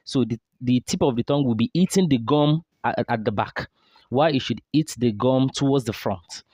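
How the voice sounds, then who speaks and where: Guy teaching recitation, drills syllables slow and repeats them, mid pitch, dry close sound. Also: a little mellow, no echo. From Nigeria. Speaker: tajweed teacher. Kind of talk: recitation lesson.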